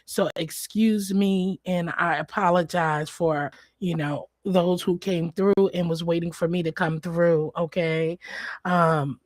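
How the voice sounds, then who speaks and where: A woman hosting a casual livestream, hoarse and apologizing for her voice, greeting viewers by name in a chatty, familiar way. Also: on the low side, no echo, studio quality. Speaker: livestream host.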